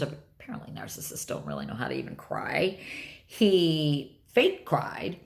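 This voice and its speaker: A woman's voice: low-pitched, wildly swooping pitch, unhurried, vocal fry. An older woman talking candidly and bluntly in a rambling personal vlog. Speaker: vlogger.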